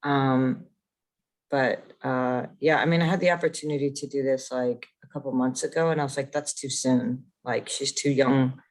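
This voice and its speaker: A woman's voice: extremely low pitch, steady tone, moderate pace. Candid chatty woman podcaster. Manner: candid, chatty, with frequent fillers. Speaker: podcast co-host. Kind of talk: casual chat.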